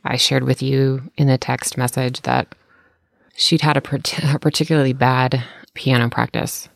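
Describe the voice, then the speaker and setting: A woman speaking in an easygoing, conversational way, her voice catching in a gravelly fry. She tells a candid family story with self-deprecating humor. The sound is dry and close, with no room around it. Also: rumbling low, little pitch movement, moderate pace, no room sound.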